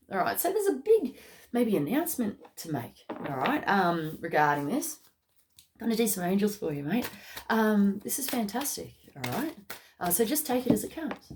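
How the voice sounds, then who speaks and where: A woman giving a casual spoken tarot reading. She chats along, tagging lines with "okay?" and "mate", and bursts into excited rises. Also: medium pitch, normal speed. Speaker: tarot card reader.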